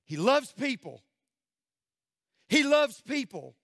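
Impassioned pastor, high voice. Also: male voice, big pitch swings, takes it slowly, no room sound, studio quality. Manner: impassioned preaching that swings from loud declarations to hushed near-whispers. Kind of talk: sermon. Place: church sanctuary.

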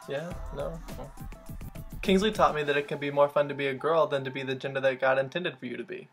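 A man's voice: mid-range voice, steady tone, fast, soft background music. A young man hosting a comedic vlog, sarcastic and self-mocking, swearing freely. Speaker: vlogger.

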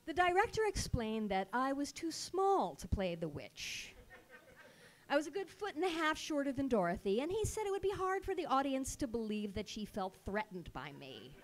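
Woman storyteller on stage, sarcastic and comic, high voice that leaps around. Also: moderate pace. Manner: sarcastic, animated comic delivery. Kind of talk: live storytelling performance. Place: live show stage.

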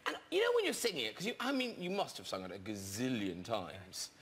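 An Irish man hosting a TV chat show in a studio, teasing guests and the audience in a camp, quick-witted way. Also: mid-range voice, big pitch swings, fairly bright tone. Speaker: talk show host.

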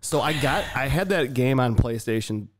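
A man in his thirties chatting casually on a podcast, telling stories with lively acted-out quotes. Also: mid-range voice, normal speed, music in the background. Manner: animated storyteller, acts out quotes loudly. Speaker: podcast co-host. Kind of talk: casual chat among friends.

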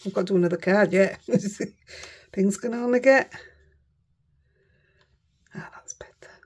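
While making cards, this Yorkshire-accented woman keeps up a chatty, self-mocking commentary, now and then muttering to herself. She speaks at normal speed in a mid-range voice that's a little mellow and husky.

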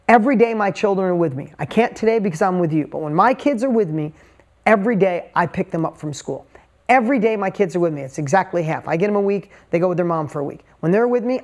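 A middle-aged man giving an emotional, emphatic motivational talk, telling a personal story and repeating words for punch. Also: high-pitched. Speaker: motivational speaker.

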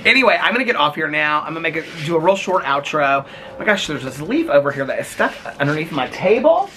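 A man's voice: fairly high pitch, very animated, quick pace, background noise. A man chatting playfully to his viewers while vlogging outdoors at home in the evening, rambling and laughing as he talks. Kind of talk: casual chat to camera.

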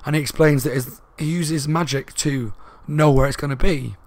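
Fast, loud-talking man reviewing a book. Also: fairly high pitch, fairly even intonation, no echo. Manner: rambling, with fillers and asides. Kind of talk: casual spoken book review.

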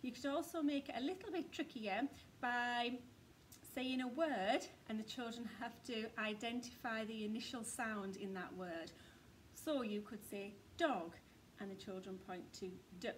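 Slow sing-song woman teacher. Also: a little high, a little hiss or hum. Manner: slow, sing-song and encouraging, speaking to small children. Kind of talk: phonics lesson for young children.

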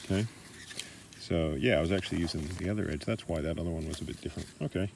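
A middle-aged Australian man demonstrating massage techniques in a relaxed, chatty way, recorded in a park. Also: low-pitched, fast, vocal fry, a little hiss or hum. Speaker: massage teacher. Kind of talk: casual demonstration. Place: park outdoors.

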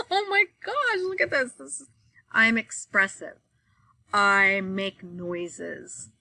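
A woman teacher thinking aloud through a poem in a lesson, musing and expressive, with frequent fillers. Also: a little high, poor audio. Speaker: teacher modeling poem reading.

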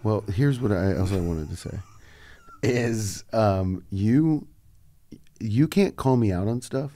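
A man's voice: fairly low pitch, animated, takes it slowly, warm tone. A man on a podcast in casual chat, rambling and stopping himself mid-sentence, often whining in mock complaint. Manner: rambling, self-interrupting, mock-whiny. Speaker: podcast co-host.

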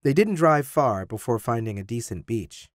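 A man narrating an audiobook with expressive storytelling. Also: medium pitch, moderate pace, no echo, studio quality. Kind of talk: scripted narration.

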